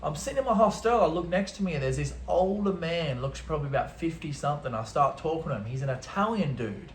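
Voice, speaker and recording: An Australian man spins a travel yarn in loose slang and casual swearing, his voice sitting a touch high. The room adds a noticeable echo, with faint ambient noise underneath. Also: lively intonation, quick pace. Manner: swearing, laid-back slang. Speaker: travel vlogger. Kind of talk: animated storytelling. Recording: roomy echo.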